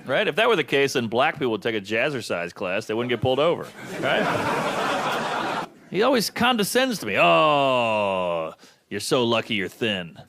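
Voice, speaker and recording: A male comedian does stand-up in a live club recording with clear audience noise behind him. His pitch swings widely as he lands deadpan punchlines and slips into other characters' voices. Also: moderate pace.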